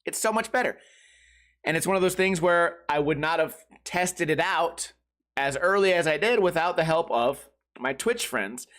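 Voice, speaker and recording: A man hosting a comedy podcast, telling a profane story in a rant that bursts into shouting. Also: fairly high pitch, expressive, normal speed. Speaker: podcast host.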